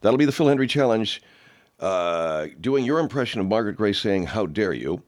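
Low-voiced profane ranting man. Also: animated, brisk. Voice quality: very low, gravelly, growly rant. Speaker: radio host.

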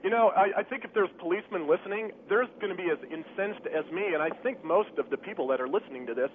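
A man calling in to a radio show, stern and indignant. His voice sits high. It arrives over a tinny phone line with faint hiss. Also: fast talker. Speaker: caller.

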